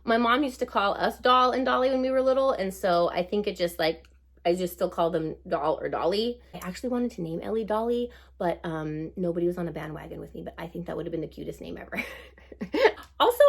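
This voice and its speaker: A woman in her forties chatting through a life update while putting on her makeup, bubbly and rambling with lots of asides. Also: medium pitch. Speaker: beauty vlogger.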